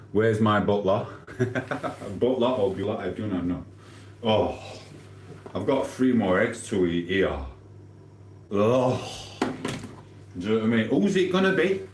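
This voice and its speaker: A man's voice: lowish voice, roomy sound, slight background noise, rough recording. Blunt, offhand man streaming live. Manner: reads chat aloud, blunt and offhand. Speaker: livestreamer. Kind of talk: casual live stream chat.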